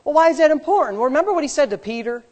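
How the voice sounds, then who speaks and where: A man pastor preaching a sermon, animated, swinging between loud and hushed, with humorous personal asides. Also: very high voice, racing.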